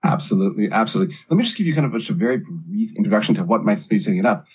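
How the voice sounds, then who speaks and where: A man's voice: fairly low pitch, lively intonation, rapid-fire, breathy edge. A middle-aged man, a life coach, earnestly telling his own story in an interview.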